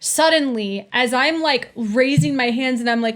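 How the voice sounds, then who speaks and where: A woman in her twenties, a podcast guest, telling a story in casual chat, animated, laughing often and acting out the people she quotes. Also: a little high, unhurried.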